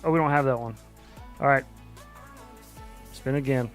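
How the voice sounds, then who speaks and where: A man hosting a livestream in a loose, casual way, dropping offhand swears as he reacts to chat. His voice sits at a middle pitch. Soft music plays faintly under him. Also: moderate pace. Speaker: livestream host.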